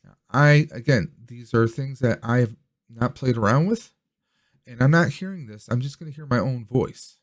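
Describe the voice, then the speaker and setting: Brief: chatty male tech vlogger, mid-pitched, loose and rambling, recorded on a desk mic at home. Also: normal speed. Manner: rambling, chatty, thinks aloud. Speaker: tech reviewer. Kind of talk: casual product demo. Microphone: desk USB microphone.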